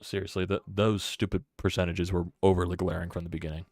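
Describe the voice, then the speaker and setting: A man's voice: low voice, level tone, fast, darkish tone, no room sound, studio quality. A man hosting a sports reaction stream, angry and swearing, repeating himself in frustration. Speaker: sports channel host.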